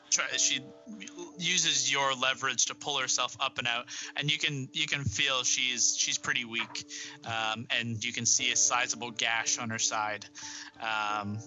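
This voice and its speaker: A man running a fantasy tabletop game as game master, with a very bright, forceful tone. He halts and fills gaps with ums while he describes each scene, over faint music. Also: medium pitch, rough recording. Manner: halting, full of fillers while describing scenes.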